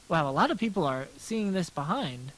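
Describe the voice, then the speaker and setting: His high voice is expressive, a little slow and a bit bright, heard through a low-quality recording with some hiss or hum. An artist livestreaming as he sketches, he rambles casually, mocks himself, and restarts many times.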